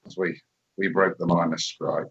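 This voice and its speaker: A man's voice: low voice, little pitch movement, normal speed, breathy edge. A man from Nottingham with a Nottingham accent, a co-host teasing and joking in casual banter. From Nottingham, England. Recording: dull lo-fi audio.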